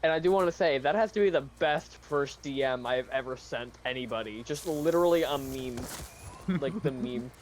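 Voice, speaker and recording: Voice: medium pitch, normal speed, slight background noise. A person chatting eagerly with friends during a game stream, filling stories with "like" and "um". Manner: chatty, eager storyteller with fillers. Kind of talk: casual gaming chat.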